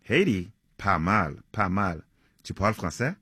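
An author reading aloud, raising his voice high to play a brash, slangy young male jazz trumpeter who teases his new roommate. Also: very animated, a little slow, pushed and bright, breathy edge, no room sound, clean studio sound, exaggerated voice. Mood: teasing. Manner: teasing, slangy, high-pitched put-on voice.

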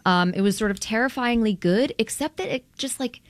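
Here a radio journalist guest speaks in a fairly high voice on a dry recording. Interviewed conversationally, she's animated and fast, laughs a lot, and leans heavily on "like."

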